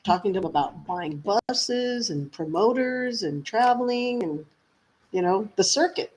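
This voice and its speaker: A woman's voice: medium pitch, unhurried. Chatty woman singer, laughing storyteller. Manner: lively, chatty storyteller who laughs often. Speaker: singer guest. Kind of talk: casual interview chat.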